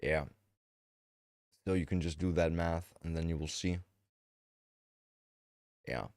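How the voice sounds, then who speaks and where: Low voice guy streaming, casual cussy commentary, dry close sound. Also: steady tone, takes it slowly, darkish tone, dry recording. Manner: offhand, profane asides.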